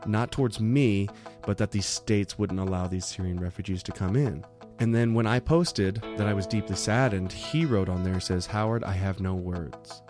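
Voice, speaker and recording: A man's voice: on the low side, normal speed, music in the background. A man co-hosting a Christian show, talking earnestly about an interview and laughing easily. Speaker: podcast co-host. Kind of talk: casual commentary.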